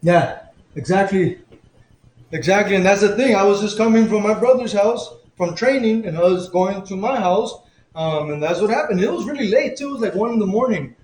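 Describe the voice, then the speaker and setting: A boxing coach live-streams fight commentary, casually telling loose, profane stories full of laughs and fillers. His high voice is expressive, brisk, and darkish, captured in a roomy, low-quality recording.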